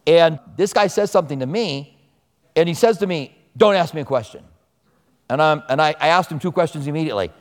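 A man preaching a sermon to a church congregation in a conversational way, mixing scripture with personal stories. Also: on the high side. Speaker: pastor. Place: church service before a congregation. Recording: long hall reverb.

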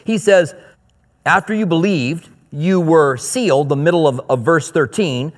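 Male preacher in a reverberant hall. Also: a little high. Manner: reads scripture slowly, then explains in quick asides. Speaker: pastor. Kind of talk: sermon with scripture reading.

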